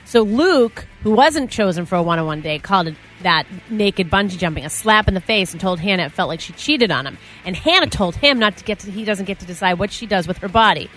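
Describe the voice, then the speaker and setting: A woman's voice: lowish voice, fairly bright tone, low-quality recording. A woman co-hosting a morning radio show, chatty and gossipy as she talks.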